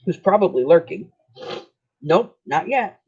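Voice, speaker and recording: A woman's voice: on the low side, lively intonation, measured pace, mellow, slightly rough. A middle-aged woman, chatting casually while crafting on a livestream, teasing and laughing often. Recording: dull lo-fi stream audio.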